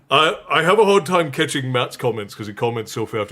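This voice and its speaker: A man's voice: medium pitch, normal speed, fairly bright tone. A man hosting a casual livestream who laughs often and reads out viewer messages. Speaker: livestream host.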